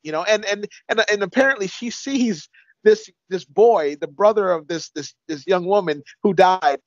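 A man's voice: high-pitched, moderate pace, no room sound. A male co-host giving casual, incredulous commentary with some chuckling. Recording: dull, dry lo-fi audio.

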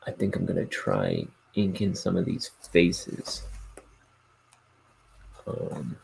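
Gravelly husky guy rambling slow while he inks comics, lots of ums, kinda laughs at himself. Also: sits low, big pitch swings, darkish tone, rough recording. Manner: rambling and hesitant, with many fillers and restarts; self-mocking, chuckling to himself. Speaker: comic artist inking live. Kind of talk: casual chat while drawing.

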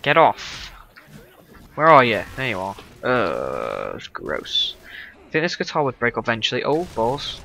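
Man, let's play host: gravelly, sharp-edged, slow and sardonic. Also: medium pitch, huge pitch swings. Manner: sarcastic, exclaiming at the game. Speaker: gaming video host.

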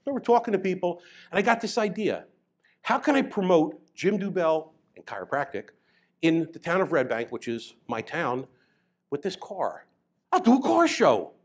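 High-voiced New storyteller man. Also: normal speed. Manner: animated, grows loud and excited as the story builds. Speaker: chiropractor. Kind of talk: storytelling talk.

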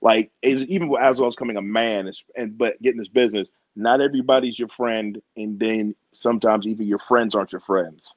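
A man's voice: on the low side, fairly even intonation, brisk, few pauses, dry recording, muffled recording. A man being interviewed as a wrestler, talking in a laid-back, slangy way and laughing often. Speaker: wrestler guest. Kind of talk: casual interview chat.

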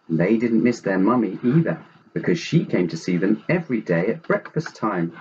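A man reading a bedtime story aloud in an animated, unhurried storytelling manner, on a dull, faintly hissy recording. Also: on the low side. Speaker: storybook reader.

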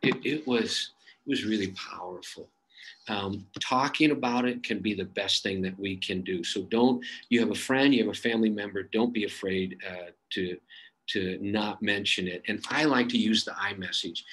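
An earnest man answering audience questions on a video call. His voice sits fairly low, and he talks plainly, with many fillers and restarts as he thinks aloud. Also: moderate pace, a bit bright, low-quality recording. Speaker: suicide prevention expert answering audience questions. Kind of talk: webinar Q&A, conversational.

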